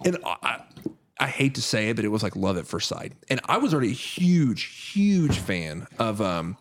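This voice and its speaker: A man's voice: lowish voice, very animated, normal speed, a little hiss or hum. A man hosting a podcast, chatting casually about a movie, laughing often and swearing freely. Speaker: podcast host.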